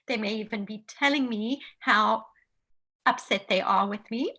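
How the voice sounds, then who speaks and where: A woman's voice: a little high, moderate pace, pushed and bright. A woman co-hosting a parenting podcast, talking casually and earnestly, repeating phrases for emphasis. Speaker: podcast co-host. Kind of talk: casual advice chat.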